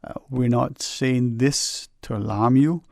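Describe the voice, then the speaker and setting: A man's voice: mid-range voice, fairly even intonation, slow, vocal fry, a little mellow, dry recording. A man hosting a radio talk show, rambling and folksy with lots of "you know", earnestly advising listeners from a studio microphone.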